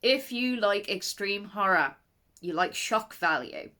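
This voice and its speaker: A woman chatting casually in a video book review, animated and rambling, with nervous laughs and sudden high-pitched exclamations. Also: slow.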